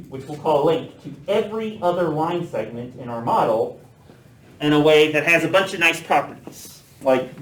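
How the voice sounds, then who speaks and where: A man lecturing a math class in a relaxed, joking manner with frequent fillers. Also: on the high side, slight background noise. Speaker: math professor. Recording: echoey classroom, mic some distance off.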